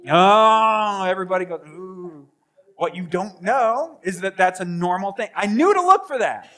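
A man preaching a sermon as pastor, animated, acting out voices and swinging between loud bursts and hushed asides. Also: high-pitched, fairly quick. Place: church sanctuary.

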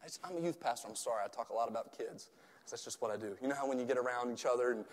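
A man, a youth pastor preaching a sermon, switching between shouted passages and quiet, chatty talk. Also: mid-range voice, quick pace. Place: church. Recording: echoey church hall.

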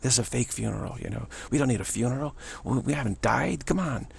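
A man's voice: medium pitch, expressive, fast talker, creaky, husky, exaggerated voice. A man putting on a brash, boastful impression of a male politician, talking himself up. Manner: swaggering, self-praising.

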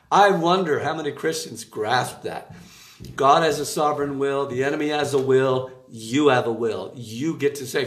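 A man giving a casual devotional talk from a room in his home, chatty and animated, with asides and laughter. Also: mid-range voice, roomy sound. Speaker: preacher giving an online devotional. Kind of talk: casual preaching to camera.

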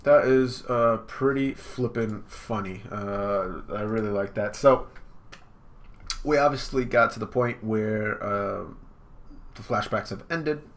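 A man's voice: fairly low pitch, takes it slowly. A young man hosting a casual live comic reaction, rambling with lots of fillers and laughing easily. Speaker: reaction video host.

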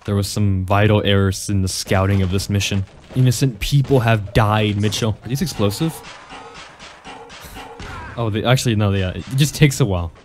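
A man giving casual, joking commentary over gameplay. He laughs often and mixes sarcastic mock praise with excited outbursts. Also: fairly low pitch, normal speed, faint music behind.

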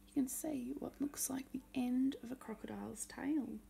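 A woman reads a picture book aloud at a calm storytime pace, stopping to point out details in the pictures. Her voice is mellow and dark with a gravelly texture, and a faint hum sits behind it. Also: sits high, moderate pace. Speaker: storybook reader.

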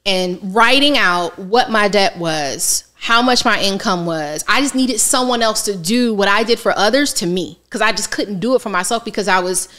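A woman financial coach telling her story in a candid, casual interview, animated and colloquial. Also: medium pitch, moderate pace, few pauses. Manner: lively, colloquial, animated retelling with quoted asides.

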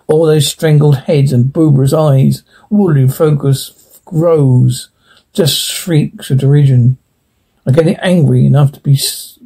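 A man with a gravelly, dark, husky voice reads a horror tale in the first person. He sits a little high for a man and reads haltingly, tripping over words and starting them again. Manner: halting, stumbles and restarts words. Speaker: horror story reader.

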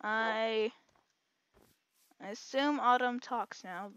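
A woman giving casual, excitable let's-play commentary, chatting to herself and her audience as she plays. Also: a little high, takes it slowly, highs cut off, heavy background noise. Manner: excitable, chatty, talks to herself while playing. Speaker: gaming channel host.

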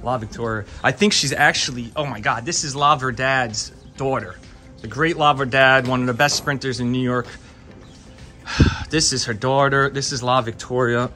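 A man hosting a casual walk-and-talk vlog at a racetrack barn, excited and chatty, sometimes stumbling over his words, recorded outdoors on a handheld camera. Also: medium pitch, moderate pace. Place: outdoors at a horse barn shed row.

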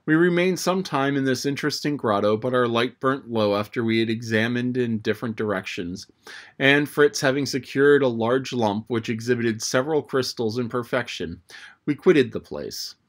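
A man reading a classic adventure novel aloud with a steady, even storytelling delivery. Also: medium pitch, normal speed. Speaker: audiobook narrator. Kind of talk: scripted narration of a classic novel.

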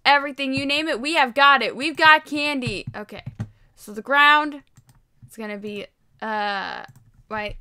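High bright-voiced excitable woman gamer. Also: unhurried, pauses often, clear, resonant tone. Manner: excitable, rambling, self-mocking. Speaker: Minecraft video creator. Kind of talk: casual gameplay commentary.

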